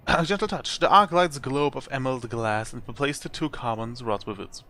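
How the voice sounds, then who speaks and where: A man reads a text adventure game aloud for his channel, breaking off for chatty asides and small chuckles. His voice is bright and forward, at an ordinary pitch. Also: normal speed. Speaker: let's play host.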